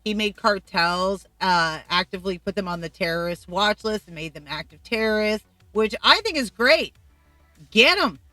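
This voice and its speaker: A woman's voice: mid-range voice, animated, moderate pace, few pauses, pushed and bright, dry recording, soft background music. A middle-aged woman from Colombia, vlogging blunt, profane opinions in casual commentary. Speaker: YouTube vlogger.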